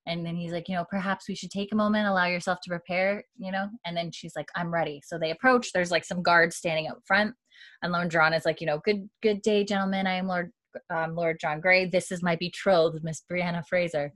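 Woman on a podcast, lowish voice, dry close sound, just chatting through the plot w lots of likes and ums. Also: steady tone, brisk, no room sound. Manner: retells scenes with many likes and ums, quoting lines in a low, quiet voice. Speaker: podcast co-host recapping a TV episode. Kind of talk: casual recap chat.

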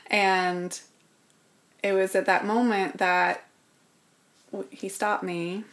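A woman tells her story as an interview guest. She speaks earnestly and reflectively at a middle pitch, and her voice sinks to a near whisper when the memories get painful. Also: little pitch movement, takes it slowly, fairly bright tone.

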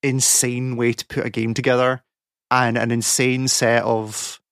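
A man's voice: mid-range voice, level tone, measured pace, a bit bright, clean tone, no echo, clean studio sound. Exasperated man ranting. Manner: rambling, exasperated ranting with many fillers. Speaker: podcast co-host, game academic. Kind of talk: casual podcast chat.

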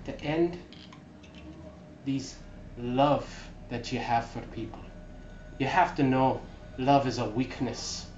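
A cruel pirate queen, cold and scheming, threatens in a steady, middle-pitched voice, as a man puts her on. The recording is dull and echoey, with a noisy room behind. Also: slow pace, pauses often, far from the mic, close to an everyday voice. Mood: menacing.

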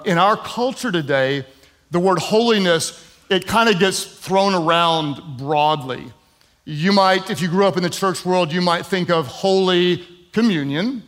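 Male pastor, high voice, emphatic sermon with light humor and casual fillers. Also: unhurried, a bit bright. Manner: emphatic repetition with humorous asides; conversational, with frequent "um" fillers.

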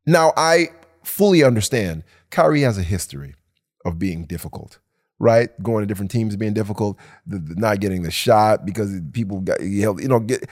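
With a lowish voice and moderate pace, this man co-hosts a casual podcast. He's animated and emphatic, cursing freely and performing the voices of people he quotes.

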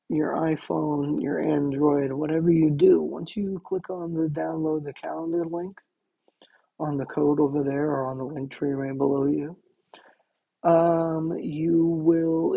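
A man's voice: fairly high pitch, gravelly, breathy edge, no echo, lo-fi sound. A man hosting a talk show, rambling casually with many fillers and restarts. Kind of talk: casual monologue.

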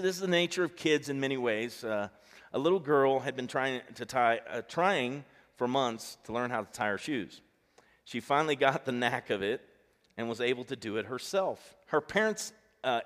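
A middle-aged male pastor preaching a sermon in a relaxed, conversational way, telling family stories and acting out the dialogue. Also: mid-range voice. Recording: long reverb of a large hall.

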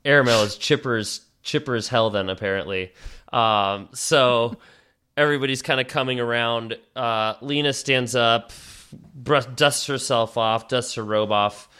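A man's voice: on the low side, measured pace, pushed and bright, clear, resonant tone. A man narrating a tabletop game as game master, casual and rambling with lots of fillers.

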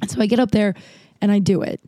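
A woman's voice: mid-range voice, fairly even intonation, fast, warm tone, no echo. A woman comedian telling a candid personal story, speaking frankly and swearing freely.

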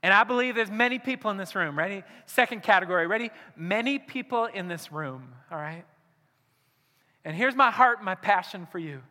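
Male pastor, high bright voice, sermon delivery swinging between hushed and urgent, long church-hall reverb. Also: expressive, normal speed. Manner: swings from hushed intimate asides to loud urgent appeals.

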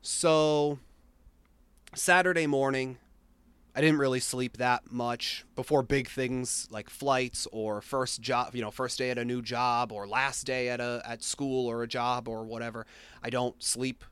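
A young man spins a personal anecdote in relaxed conversation, stumbling through fillers and restarts as he gets animated. His voice is smooth and resonant, sitting at an average pitch. The recording is dry and close. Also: a little slow, no room sound. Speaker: storyteller in a conversation. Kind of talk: casual chat, telling an anecdote.

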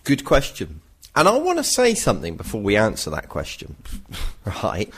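A man's voice: on the low side, wildly swooping pitch, moderate pace, slightly rough. A middle-aged man co-hosting a casual podcast, chatty and self-mocking, with teasing mock rants. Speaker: podcast co-host.

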